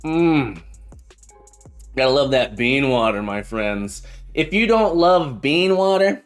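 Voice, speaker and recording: A middle-aged programming teacher hosts a casual live coding stream, playful and fond of puns, often repeating his own phrases. His medium-pitched voice has lively intonation, moves slowly, and pauses often, with faint music playing in the background.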